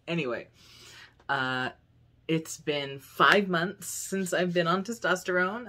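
A man's voice: a little high, lively intonation, moderate pace, bright, forceful tone. A young man chatting casually to camera at home for his vlog, upbeat and rambling, with lots of fillers. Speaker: vlogger. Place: home room.

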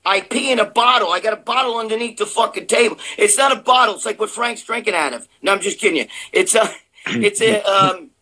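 An older man co-hosting a live show from his sister's house, telling loud, profane stories in casual chat. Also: sits high, a little fast. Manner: loud, profane, animated storyteller. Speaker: co-host of a bodybuilding live show.

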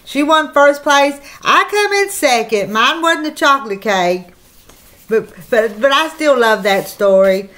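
A woman's voice: sits high, expressive, a little slow, a bit bright. A woman with a Southern country accent, chatting folksily to her viewers while opening mail on her vlog. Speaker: channel host.

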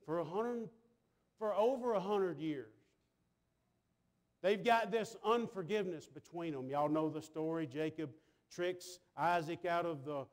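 Preacher, tenor-high voice, folksy church sermon with big swings in volume. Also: male voice, measured pace. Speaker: pastor. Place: church sanctuary.

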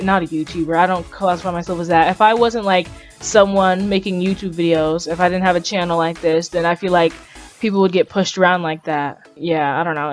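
Chatty excitable woman gaming YouTuber. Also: on the low side. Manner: chatty and excitable, rambling, often laughing. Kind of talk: casual game commentary.

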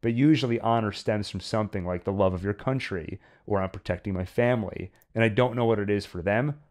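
Male podcast co-host, lower voice, thoughtful film talk with restarts. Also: brisk, a little mellow. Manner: reflective, stammers on restarts. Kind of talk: casual film discussion.

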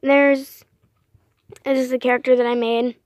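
A young woman vlogging casually, rambling and apologizing a lot between lots of fillers, with excitable bursts. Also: sits high, a little slow, no echo, studio quality.

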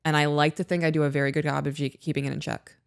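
A woman's voice: low-pitched, little pitch movement, racing, creaky, no echo, clean studio sound. A woman co-hosting a podcast in casual chat, frank and swearing freely as she tells stories. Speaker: podcast co-host.

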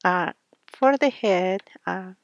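Slow, soft-spoken woman narrating gameplay. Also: on the low side, muffled recording. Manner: soft-spoken, slow, with frequent fillers and small laughs. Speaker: gaming channel host. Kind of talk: casual gameplay commentary.

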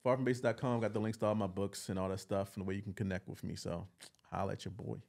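A man who is a guest on a podcast, talking in casual chat in a playful, joking, animated way. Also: fairly low pitch, fast talker, vocal fry.

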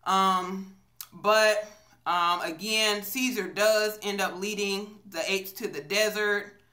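Brief: chatty woman, bright forceful voice, rambling with lots of fillers, recorded on a phone at arm's length. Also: mid-range voice, fairly even intonation, slow pace. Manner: chatty, storytelling, many fillers. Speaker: vlogger. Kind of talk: casual movie review vlog. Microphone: phone on a selfie stick.

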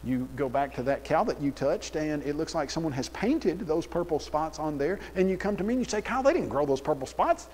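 A man's voice: on the high side, brisk, hardly any pauses. Sarcastic preacher, man, reverberant hall. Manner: animated, sarcastic storytelling. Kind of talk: sermon. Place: church auditorium.

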